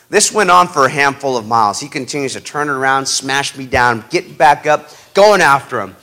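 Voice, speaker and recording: A man telling a personal story as a motivational speaker, animated and dramatic, building up the tension. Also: medium pitch, moderate pace, hardly any pauses.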